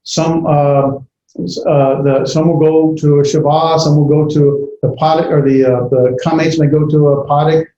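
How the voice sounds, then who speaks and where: A man lecturing a class on grammar, pausing often with fillers and correcting himself. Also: on the high side, level tone, dark tone, slight background noise. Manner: halting, many fillers and self-corrections. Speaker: Bible language teacher. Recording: echoey classroom, dull lo-fi audio.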